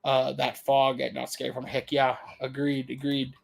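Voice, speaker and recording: A man's voice: mid-range voice, monotone, normal speed, vocal fry. A man co-hosting a casual live-stream chat, laid-back and slangy. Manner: laid-back, says "dude" and "dope". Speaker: podcast co-host.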